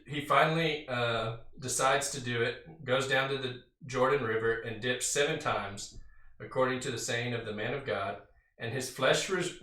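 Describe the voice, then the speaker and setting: Bright-voiced man teaching Bible study. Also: mid-range voice. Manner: reads scripture aloud, then explains it conversationally with fillers and "right?". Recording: roomy sound from a distant mic.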